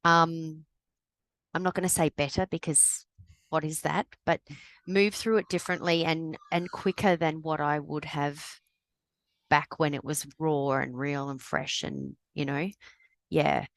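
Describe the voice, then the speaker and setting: A woman's voice: sits low, fairly even intonation, a little slow, creaky, dry recording. A woman guest on a podcast, a grief recovery specialist, talking candidly and reflectively. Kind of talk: podcast conversation.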